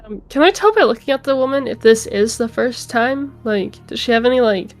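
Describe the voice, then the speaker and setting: A woman's voice: fairly high pitch, a little fast, soft background music. Woman player, um and like everywhere, easygoing. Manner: hesitant, many fillers. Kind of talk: casual tabletop play.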